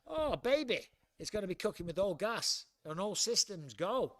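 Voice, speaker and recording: A man's voice: high-pitched, very animated, normal speed. A middle-aged man with an English accent, hosting a casual livestream from home, chatty and blunt, swearing freely. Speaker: livestream host.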